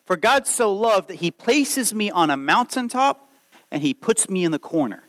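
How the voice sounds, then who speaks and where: A man in his late thirties preaching a sermon, lively and conversational, acting out quoted voices as he goes. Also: high-pitched, moderate pace, rough recording. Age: 30s. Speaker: pastor.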